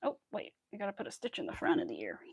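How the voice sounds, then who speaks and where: A woman's voice: mid-range voice, wildly swooping pitch, quick pace, gravelly, a little mellow, slight background noise. A young woman chatting casually while she crafts, exclaiming often and saying y'all. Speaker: crafting vlogger.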